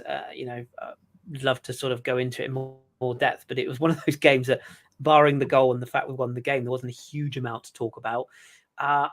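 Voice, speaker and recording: A man chats about football as a podcast co-host, his voice sitting at an ordinary middle pitch. He jokes along and keeps restarting his sentences, with plenty of ums along the way. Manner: chatty and joking, with many fillers and restarts. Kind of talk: casual football chat.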